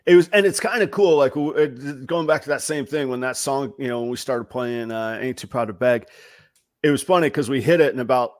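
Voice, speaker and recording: Middle-aged host guy, mid pitch, dry close mic, animated and a bit salty. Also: a little fast, no echo. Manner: animated, swearing storyteller. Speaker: podcast host. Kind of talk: casual podcast chat.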